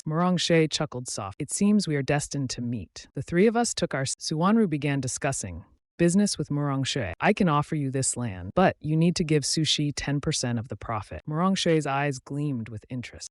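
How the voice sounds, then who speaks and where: A man reading a drama story recap as narrator, voicing every character's lines in the same even voice. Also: on the high side, dry recording, studio quality.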